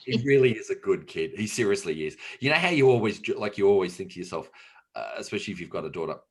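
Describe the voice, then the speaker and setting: Fast-talking and slightly rough, his lowish voice has lively intonation. He's a middle-aged Australian podcast host in casual chat, a joking storyteller who swears casually while telling tall, humorous stories.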